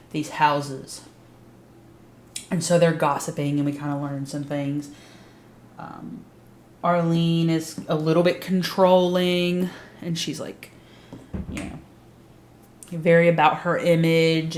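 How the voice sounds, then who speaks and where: Blunt low-voiced woman in a roomy space. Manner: blunt, emphatic, swears freely. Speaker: TV series recap YouTuber. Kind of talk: casual opinionated recap. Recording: roomy echo.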